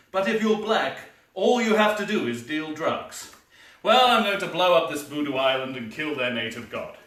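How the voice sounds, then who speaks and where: A man performing a live solo comedy show on stage, sardonic and quick with asides. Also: a little high, a bit bright. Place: small theatre stage. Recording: roomy theatre, from a distance.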